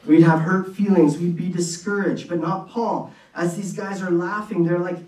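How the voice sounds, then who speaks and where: A man preaching a sermon in an earnest, conversational way, with quick bursts and restarts, recorded in a church hall. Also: high voice, steady tone, darkish tone. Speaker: pastor. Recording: echoey room from a distance.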